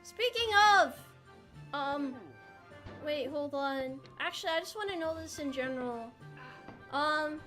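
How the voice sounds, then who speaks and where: Bright, high-voiced American woman streamer. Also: lively intonation, unhurried, long pauses, faint music behind. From United States. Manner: playful, rambling, answers chat. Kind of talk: casual live-stream chat while gaming.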